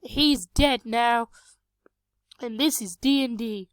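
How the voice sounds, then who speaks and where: This is casual narrated storytelling from a young woman describing a tabletop game session. Her fairly high voice is clear and resonant, her pace slow, and her humor rambling, crude and self-mocking. A cheap home microphone picked it up without echo.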